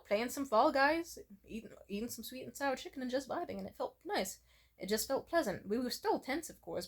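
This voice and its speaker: A young woman telling personal stories in a casual confessional vlog, candid and rambling, swearing freely and filling her talk with "like". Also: mid-range voice. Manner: candid, rambling, profane, full of "like". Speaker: vlogger.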